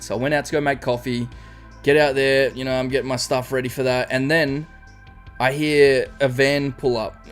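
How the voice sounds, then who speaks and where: An Australian man streaming live, chatting casually, greeting viewers by name and rambling through a story. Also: medium pitch.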